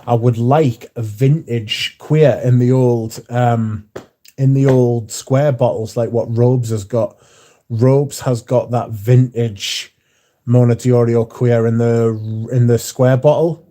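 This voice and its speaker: A man's voice: medium pitch, steady tone, slow pace, warm tone. A man hosting a casual livestream, reading out chat messages in a blunt, mouthy way with frequent swearing. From not American. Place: bar, windy.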